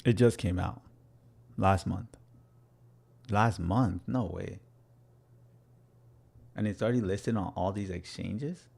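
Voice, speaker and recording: A man's voice: low-pitched, takes it slowly, creaky, long pauses, husky. A young man hosting a casual crypto livestream, chatty and playful as he answers viewers. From Canada. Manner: energetic, chatty, playful with viewers, laughs often.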